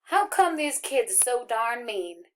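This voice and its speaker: A woman's voice: on the high side, sing-song, pitched above the performer's own voice. A woman reading an audiobook, voicing a friendly, boastful country boy from Arkansas with a folksy drawl. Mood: friendly, curious. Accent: rural Arkansas. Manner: folksy drawl, jabbering fast and eager.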